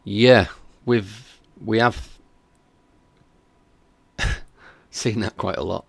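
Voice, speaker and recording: A man's voice: lowish voice, steady tone, extremely slow, vocal fry, slightly rough, no room sound. A man hosting a reaction stream, chatting casually and skeptically while reading out viewer comments. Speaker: reaction video host.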